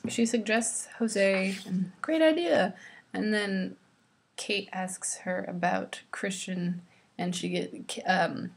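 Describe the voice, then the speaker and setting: Woman vlogger, mid-pitched voice, sarcastic book commentary with eye-rolling asides. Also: creaky, a little hiss or hum. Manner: exasperated, eye-rolling, drops into whispers. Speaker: vlogger reading a novel aloud.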